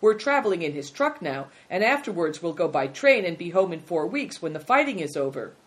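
A woman reading a storybook aloud and voicing a steady, earnest young boy who sounds a little wise. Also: on the low side, fairly quick.

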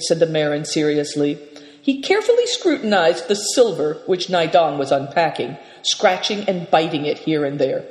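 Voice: medium pitch, normal speed, darkish tone. A storyteller reading a book aloud expressively, doing voices for the characters. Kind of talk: storybook narration. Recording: reverberant, echoey room.

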